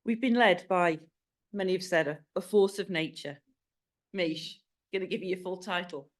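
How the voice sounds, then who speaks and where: A woman's voice: on the low side, normal speed. Woman sponsor speaker at a launch, emphatic and rallying. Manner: emphatic, rallying, repeats key words. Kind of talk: event speech. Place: event room at a launch.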